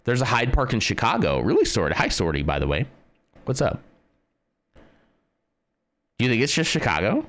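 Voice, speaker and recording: A man's voice: medium pitch, wildly swooping pitch, moderate pace, pauses often, fairly bright tone. A man streaming live, chatting with his viewers and thinking aloud as he plays a location guessing game, greeting people by name. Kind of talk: casual live-stream chat while playing a guessing game.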